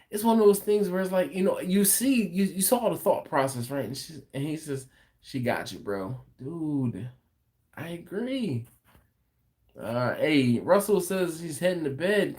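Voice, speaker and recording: A man's voice: medium pitch, big pitch swings, a little slow, darkish tone. A man hosting a late-night live stream from home, chatting casually and reading viewer comments aloud with an easygoing laugh. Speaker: host of a barbecue channel livestream.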